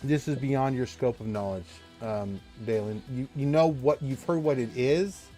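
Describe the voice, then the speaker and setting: A man's voice: mid-range voice, moderate pace, warm tone, soft background music. A man running a tabletop game as game master, loose and joking, a little tipsy, rambling with fillers. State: a bit tipsy.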